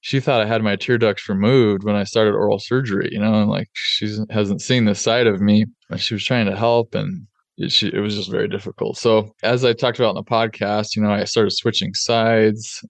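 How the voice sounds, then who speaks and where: Low gravelly-voiced man, casual. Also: level tone, moderate pace, dry recording. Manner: candid, conversational, many fillers. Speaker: podcast host and oral surgeon. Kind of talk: casual podcast storytelling.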